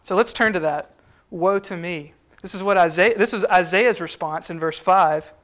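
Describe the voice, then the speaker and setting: A man with a fairly high voice preaches in a relaxed, conversational way. He explains a passage step by step, often pausing with fillers and restarting his sentences. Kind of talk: sermon teaching.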